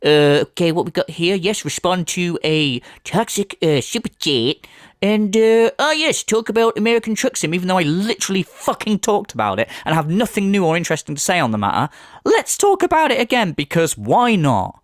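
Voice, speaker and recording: Male commentator, sardonic and sweary, animated higher voice, dry close sound. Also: fairly quick, no echo. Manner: sarcastic, swears heavily, mocks in put-on voices. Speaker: commentary video host. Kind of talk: sarcastic commentary rant.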